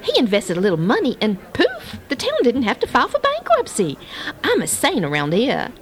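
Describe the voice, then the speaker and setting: A woman's voice: fairly high pitch, huge pitch swings, normal speed. A woman acting as a vain, chatty sports correspondent in a comedy radio sketch.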